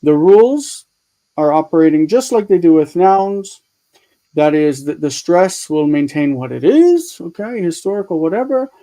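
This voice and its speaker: A man's highish, dark voice swings widely in pitch at a moderate pace as he teaches a live online grammar class over video call, recorded roughly. He thinks aloud while working his screen tools, chatting and explaining step by step with examples repeated.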